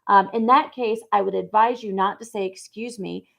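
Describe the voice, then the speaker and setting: A woman giving a casual, chatty lesson in a relaxed way, with frequent fillers as she explains. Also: mid-range voice, fairly quick, vocal fry, muffled recording. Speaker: teacher. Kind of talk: casual instruction.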